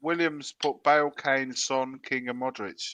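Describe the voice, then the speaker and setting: A man's voice: medium pitch, fairly even intonation, a little slow, sharp tone, no echo. A man co-hosting a football fan show, reading out viewers' chat messages and cutting in. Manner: reads out chat messages, interjects. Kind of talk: casual chat.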